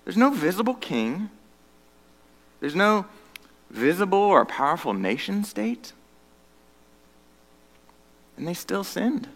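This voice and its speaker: A man preaching a sermon as pastor, earnest, moving between loud emphatic stretches and hushed, low passages. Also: big pitch swings, slow pace, pauses often, in a large hall.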